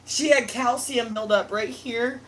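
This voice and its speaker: Raspy high-voiced woman telling stories. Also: unhurried, a little hiss or hum. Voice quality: worn, raspy voice. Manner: animated storyteller, laughs a lot. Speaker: streamer. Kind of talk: casual chat.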